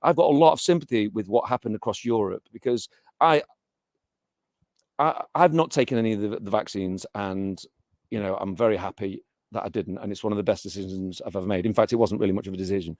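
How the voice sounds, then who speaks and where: A man's voice: on the low side, steady tone, quick pace, darkish tone, dry recording, studio quality. A middle-aged man from England, chatting in an interview with frequent restarts and fillers. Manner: hesitant, many restarts and fillers. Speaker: interviewee, teacher. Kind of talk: casual interview chat.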